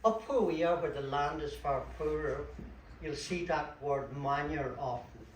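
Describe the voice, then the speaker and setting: A man from Donegal, Ireland, with a Donegal accent, gives a chatty talk on local place names as a guest speaker at a local history event, held in a community hall for a book launch. His voice is on the high side and unhurried, and he explains things with dry asides. The distant mic catches an echoey hall and faint room noise.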